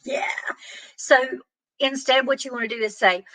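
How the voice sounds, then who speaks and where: A woman's voice: high voice, normal speed, a bit bright, no echo, rough recording. A woman giving earnest, plain-spoken relationship advice, acting out example conversations. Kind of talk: direct-to-camera advice talk.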